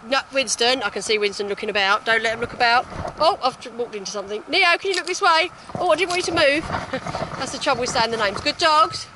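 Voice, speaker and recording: A woman's voice: a little high, fast. A woman dog trainer chatting on a live-streamed walk in a park, praising her dogs in a sing-song voice. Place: outdoors in a park. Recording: outdoor phone stream with loud noise. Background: loud outdoor noise.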